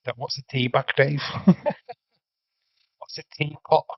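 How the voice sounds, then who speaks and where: An English man hosts a livestream, bantering casually through a watch-along and reading out chat while swearing freely. His medium-pitched voice is flat and a little slow, captured dry on a lo-fi home mic.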